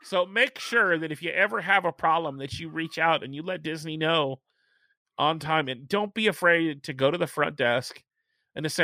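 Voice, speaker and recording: A middle-aged man hosting a casual chat, talking chattily and stressing key points by slowing down. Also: on the high side, pushed and bright, no room sound, studio quality. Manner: chatty, emphatic, repeats points slowly for stress.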